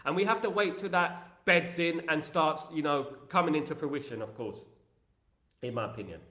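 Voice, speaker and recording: Animated man, echoey room. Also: a little high, moderate pace. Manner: animated, rambling, emphatic, British slang. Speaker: football podcast host. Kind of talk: live-stream chat reading viewer comments.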